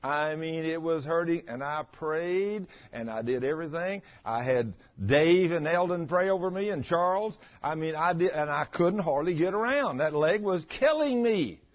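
An older man preaching a sermon in a folksy, animated way, telling a personal story and laughing along the way. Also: on the high side, moderate pace, hardly any pauses. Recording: dull lo-fi sound.

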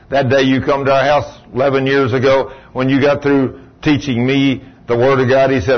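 A man preaching a sermon in a folksy storytelling way, with sudden high exclamations. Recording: dull lo-fi recording.

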